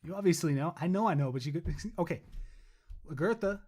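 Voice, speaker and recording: Chatty joking man with a higher voice. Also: expressive, fairly quick, a little mellow, husky. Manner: rambling, joking, swearing, self-mocking. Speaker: podcast co-host. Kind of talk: casual podcast chat.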